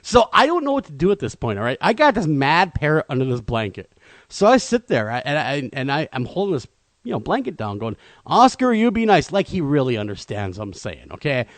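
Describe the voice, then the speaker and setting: A man co-hosting a talk radio show, telling a comedic, self-deprecating story in an animated way. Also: mid-range voice, brisk, no echo.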